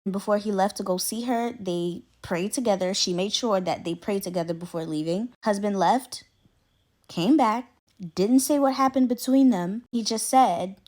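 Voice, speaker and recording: A woman tells a scary story as if talking to friends. She is chatty and informal, acting out the dialogue as she goes. Her pitch sits in an ordinary middle range. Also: darkish tone. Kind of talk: casual scary story time.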